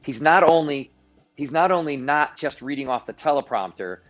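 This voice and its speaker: A man's voice: a little high, animated, moderate pace, highs cut off, soft background music. A man guesting on a livestream, telling stories animatedly with frequent restarts over a video call. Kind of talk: political commentary on a livestream.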